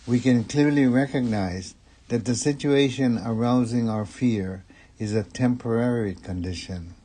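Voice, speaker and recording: Slow, mellow Buddhist minister. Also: male voice, mid-range voice. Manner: slow, measured and calm delivery. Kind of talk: Dharma talk.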